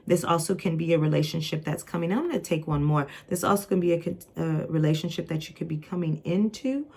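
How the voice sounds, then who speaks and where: A woman's voice: low voice, vocal fry, dark tone. A woman giving a casual spiritual tarot reading. She talks straight to the viewer in a reassuring, encouraging way and often restarts and rambles. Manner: rambling, many restarts and fillers. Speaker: tarot reader.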